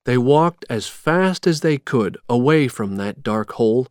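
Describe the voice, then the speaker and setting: Slow, expressive storybook narrator. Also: mid-range voice, no room sound, clean studio sound. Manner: slow, clear, expressive reading.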